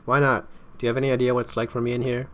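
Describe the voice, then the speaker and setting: A man's voice: mid-range voice, level tone, racing, fairly bright tone, natural voice. A man voicing a confused young man from a game who wants to escape, speaking in a hesitant, pleading way. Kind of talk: reading game dialogue aloud.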